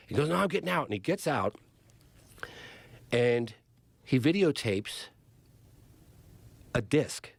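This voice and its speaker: A middle-aged man from Northern California, a documentary filmmaker who is a podcast guest, excitedly retelling a story and acting out the quotes. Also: mid-range voice, breathy edge, no room sound. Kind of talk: animated storytelling in conversation. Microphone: studio podcast mic.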